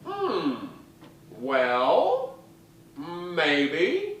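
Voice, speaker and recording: A man on a stage voicing a booming, blunt older woman who is a musical stage star. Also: huge pitch swings, extremely slow, fairly bright tone, a little hiss or hum, exaggerated voice. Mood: coy. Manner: blunt and brassy. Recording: roomy live stage sound from a distance.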